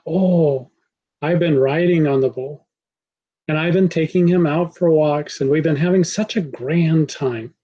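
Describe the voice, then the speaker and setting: A man's voice: a little high, measured pace, dark tone, muffled recording. A man voicing a dreamy, devoted young boy, earnest and eager as he tells the story.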